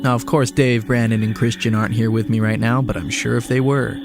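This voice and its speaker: Man, guest host, wordy mock-grand scripted intro, mid pitch, music behind. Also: little pitch movement, a little fast. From Washington state, US.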